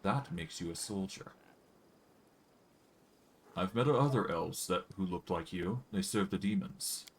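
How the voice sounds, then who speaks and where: Defiant wary elf woman from a fantasy game, deep voice, read out plainly by a man. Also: expressive, gravelly, breathy edge, full character voice. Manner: reading game dialogue aloud, measured.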